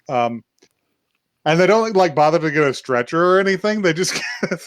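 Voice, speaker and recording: A man's voice: on the high side, animated, normal speed, no echo. Guy on a podcast recapping anime, rambly, laughs a lot, dry close mic, no room sound. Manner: rambling, laughs often, acts out lines in little voices. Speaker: podcast co-host. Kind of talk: casual chat recapping an anime.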